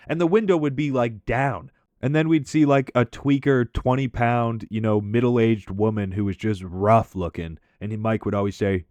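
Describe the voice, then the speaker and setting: A man's voice: lowish voice, moderate pace, a little mellow, dry recording. A man casually telling a story over gameplay commentary, chatty and loose, often laughing and tagging lines with "right?".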